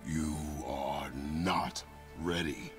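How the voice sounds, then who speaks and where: An actor playing a stern, terse warrior father in a video game, talking in curt, clipped commands with a deep gravelly growl. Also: fairly even intonation, extremely slow, full character voice. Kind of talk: video game cutscene dialogue. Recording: loud game music underneath.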